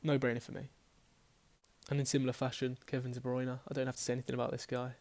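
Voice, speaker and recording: A man speaks fast in a completely flat, medium-pitched voice that's a little mellow. He casually rambles through his fantasy football selections, correcting himself as he goes and swearing now and then.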